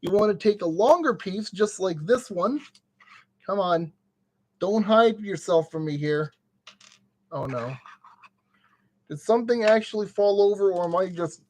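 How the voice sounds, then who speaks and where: A man's voice: sits high, animated, a little slow, long pauses, a little mellow. A man streaming casually and talking himself through a brick-kit build step by step. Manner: chatty, talks himself through each step.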